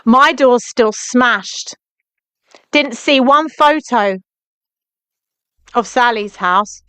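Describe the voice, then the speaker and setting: Indignant woman livestreaming, crisp and dry. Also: a little high, drawn-out words, a bit bright, no echo. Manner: indignant, repeats pointed questions to viewers by name. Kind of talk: angry live-stream rant.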